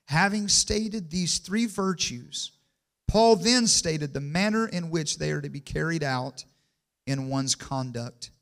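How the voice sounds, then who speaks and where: Preacher guy in church, kinda high voice w/ gravel, goes quiet then loud, amen call-and-response. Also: slow pace. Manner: call-and-response, asks the congregation for amens; builds from quiet to loud and emphatic. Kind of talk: sermon.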